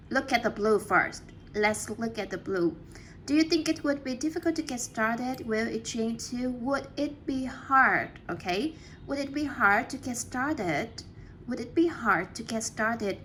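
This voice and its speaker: A woman teaching an English class, patient and encouraging, giving clear step-by-step instructions. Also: on the high side, a bit bright, a little hiss or hum.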